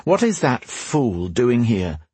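A man's voice: mid-range voice, sing-song, takes it slowly, dark tone, breathy edge, no room sound, full character voice. A man voicing an entranced young king who speaks with urgency and defiance in an audiobook. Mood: defiant. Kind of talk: audiobook character voice.

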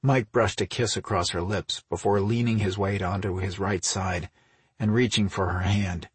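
A man narrating an audiobook in a steady, unhurried reading, close on the microphone. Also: low-pitched, husky, no echo. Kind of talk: scripted narration.

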